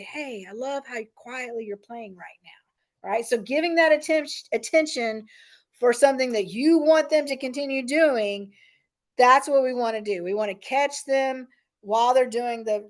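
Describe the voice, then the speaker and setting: A middle-aged woman leading a parent training session in a casual, conversational way, often checking in with "right?" and "um". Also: high-pitched. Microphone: meeting recording.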